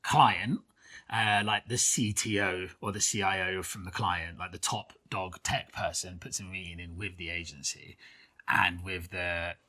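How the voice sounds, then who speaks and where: A man's voice: deep voice, pushed and bright, breathy edge. A man co-hosting a studio podcast, telling a story in casual chat, full of fillers and swearing. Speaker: podcast co-host.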